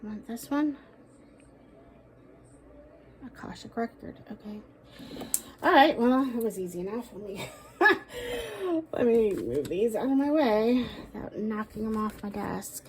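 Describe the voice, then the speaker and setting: A woman doing a casual tarot reading, talking aloud to a spirit, with sighs, pauses and soft asides. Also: a little high, sing-song, slight background noise. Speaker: tarot card reader.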